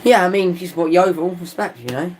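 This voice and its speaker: A man hosting a live football watchalong, chatting casually with viewers and reacting loudly to chances on the pitch. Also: quick pace. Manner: excitable, swings between chatty musing and loud outbursts at near misses; casual slangy talk, calls players and viewers lad and mate.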